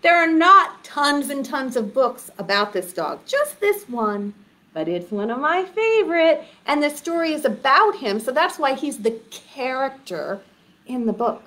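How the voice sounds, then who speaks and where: A woman children's librarian leading a storytime for young children, animated and sing-song, coaxing them with questions. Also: high voice, unhurried.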